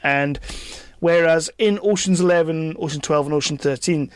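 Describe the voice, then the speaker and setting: A man's voice: fairly high pitch, moderate pace, clean tone, no room sound. A man hosting a podcast, giving opinionated casual film reviews and often repeating words as he starts a sentence. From Britain. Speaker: podcast host.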